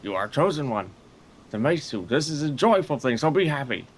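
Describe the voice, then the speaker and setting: A man reading game dialogue aloud while voicing a creepy old male cult leader, slow and drawn out. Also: medium pitch, big pitch swings. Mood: insistent.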